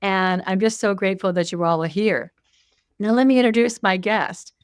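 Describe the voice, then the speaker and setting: A woman's voice: medium pitch, moderate pace, clean tone, no room sound, clean studio sound. A woman hosting an interview, introducing her guest with enthusiasm. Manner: warm-hearted, enthusiastic. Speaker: host.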